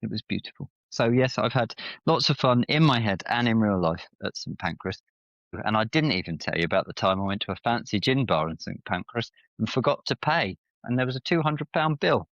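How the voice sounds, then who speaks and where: Animated man telling stories. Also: brisk, vocal fry, dry recording. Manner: animated storyteller, playful swings in pitch. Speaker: podcast guest. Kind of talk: casual chat. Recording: slightly muffled, dry sound.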